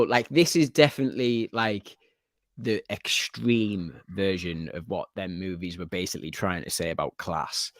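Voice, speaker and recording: Animated man with a Geordie accent. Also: lowish voice, no echo, clean studio sound. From Newcastle, England. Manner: animated, swears freely, laughs loudly. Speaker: podcast host. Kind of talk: casual chat about films.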